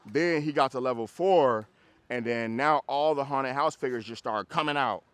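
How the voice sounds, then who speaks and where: Man, dog trainer, casual coaching outdoors, animated, acts out scenes, mid-pitched voice. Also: normal speed, clean tone, no echo. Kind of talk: casual coaching on a group walk.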